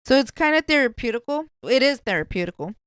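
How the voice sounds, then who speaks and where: A woman's voice: high-pitched, animated, quick pace, fairly bright tone, clear, resonant tone, no room sound. A woman hosting a podcast, chatting casually in a blunt, profane way. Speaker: podcast host.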